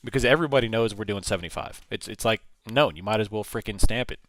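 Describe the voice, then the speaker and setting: A man's voice: fairly low pitch, fast talker, a bit bright, no echo. A man hosting a live trading stream, talking casually and thinking aloud, often repeating and restarting his phrases. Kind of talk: casual live market commentary.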